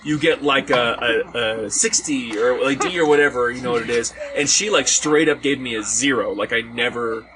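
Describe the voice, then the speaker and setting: A man with a middle-pitched voice tells a story in a relaxed, casual way to friends around an outdoor fire. He is from Hawaii and slips into quoted voices as he goes. Steady background noise from the gathering comes through the recording. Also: normal speed, few pauses. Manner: animated, acts out quoted voices. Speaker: podcast host telling a story.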